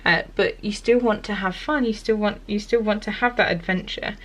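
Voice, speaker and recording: A woman talks through a tarot card spread in a relaxed, chatty way. She keeps stopping and restarting as she guesses at the animals on the cards, and she speaks to the viewer in a gentle, encouraging tone. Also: mid-range voice, moderate pace. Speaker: tarot reader. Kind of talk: casual tarot reading to camera.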